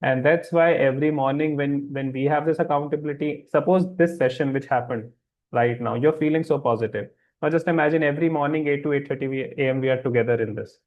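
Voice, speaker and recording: Narrow, tinny audio captures a fast-talking man with a fairly high pitch. As host of a live wellness webinar, he answers questions from the chat, reassures people, and checks over and over that they're following.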